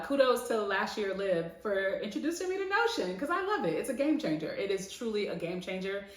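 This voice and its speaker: A woman talks candidly to her camera in a home vlog, animated and quick to laugh, leaning on repetition for emphasis. Her voice sits on the low side for a woman. The room around her is echoey. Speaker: vlogger. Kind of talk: reflective vlog talk to camera.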